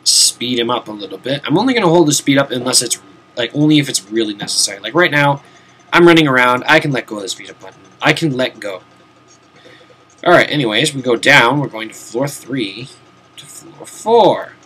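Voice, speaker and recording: A man's voice: medium pitch, lively intonation, a little fast, bright, forceful tone, slight background noise. A young man giving casual, rambling commentary while playing a video game, swearing now and then, talking to himself and sounding a bit tired. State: tired, yawning. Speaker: VTuber game streamer. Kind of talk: casual let's-play commentary. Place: home room, seated at a desk.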